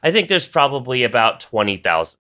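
A man narrating a tabletop role-playing game as game master, relaxed and rambling, with many fillers and restarts. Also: mid-range voice, a little fast.

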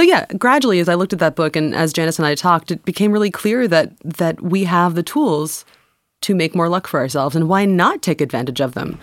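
A woman's voice: low-pitched, no room sound. A woman co-hosting a podcast, talking in an upbeat, reflective way. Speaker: podcast co-host. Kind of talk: casual podcast chat.

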